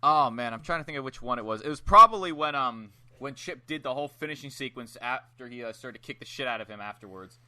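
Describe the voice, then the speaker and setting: A young man co-hosting a podcast, chatting casually and excitedly about matches, swearing freely and acting out his own reactions. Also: medium pitch, fast, few pauses. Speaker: podcast co-host. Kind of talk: casual chat reviewing wrestling matches.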